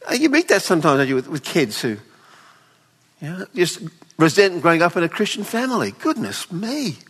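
A man preaching a sermon at a weekend away, expressive and pleading, often acting out the people in the story. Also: high voice, fairly quick, breathy edge. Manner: expressive, voices the father pleading tenderly. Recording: long hall reverb.

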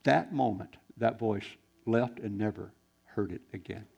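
A man preaching a sermon, shifting between loud exclamations and hushed, quiet lines. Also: lowish voice, a little slow, creaky, husky, muffled recording. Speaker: pastor.

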